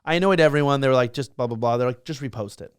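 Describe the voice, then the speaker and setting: A young man rattles through his stories at a rapid clip, piling up fillers and restarts. His voice sits at an ordinary pitch. The sound is dry and close. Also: smooth, dry recording. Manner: fast, excitable, full of fillers and restarts. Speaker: guest, social media creator. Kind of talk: casual interview storytelling.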